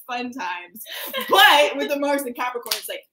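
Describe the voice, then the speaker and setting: A woman with a bright, clear, fairly high voice talks through an astrology reading in a loose, chatty way. She gets animated, laughs easily and swears freely, and she acts out quoted voices as she goes. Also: moderate pace, roomy sound, a little hiss or hum. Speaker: astrology reader. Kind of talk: casual astrology chat.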